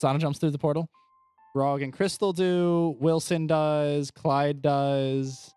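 A man hosting a tabletop game podcast, narrating the scene for his players in an easygoing way with frequent filler pauses. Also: fairly high pitch, steady tone, mellow, clean tone, dry recording, soft background music. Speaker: game master and podcast host.

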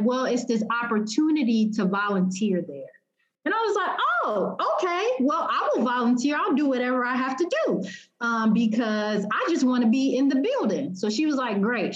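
A woman's voice: fairly high pitch, moderate pace, dull audio. A young woman telling an emotional personal story as an interview guest, acting out what she and others said. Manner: animated, emotional, quotes herself and others.

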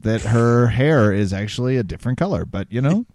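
A man co-hosting a podcast, his voice mid-pitched and dry, with no room sound. He rambles loosely and jokes through the conversation. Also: expressive, brisk, a little mellow, dry recording. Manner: joking, rambling banter. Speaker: podcast co-host. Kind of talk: casual chat.

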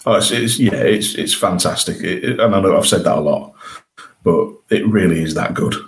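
The recording is rough. A low-voiced co-host at a moderate pace chats enthusiastically about a TV episode on a podcast, restarting sentences often.

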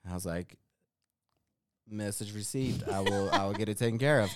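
A man's voice: lowish voice, moderate pace, over a noisy crowd. A man co-hosting a podcast, telling a story in casual chat, swearing and laughing as he goes. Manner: animated, swearing, laughing at his own story. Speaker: podcast co-host.

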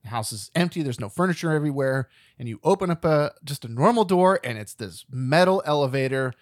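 A man co-hosting a podcast, chatting loosely and relaxed about a movie. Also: a little high, fairly quick, no echo, studio quality. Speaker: podcast co-host. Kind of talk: casual movie review chat.

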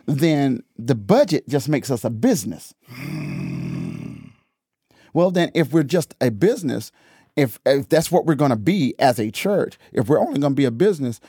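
A man hosting a podcast, talking casually about church and drifting into preaching, animated, laughing often and repeating phrases for emphasis. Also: medium pitch, creaky, slightly rough, dry recording, studio quality.

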